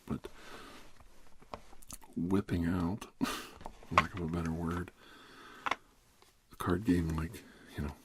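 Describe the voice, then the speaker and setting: Deep, slow whispered role-play therapist, a man. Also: background noise. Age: middle-aged. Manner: slips between soft whispers and a relaxed speaking voice, rambling and casual.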